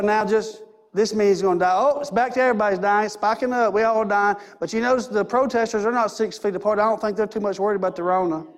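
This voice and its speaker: A man preaching a sermon in a church, emphatic and repetitive, with many rhetorical questions. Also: high voice. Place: church sanctuary.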